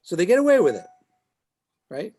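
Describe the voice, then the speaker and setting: Over a video call, a rabbi teaches a Talmud class, explaining the text as he goes and checking in with students by repeatedly asking "right?" His voice is high and sing-song, with a darkish tone, at a normal speed.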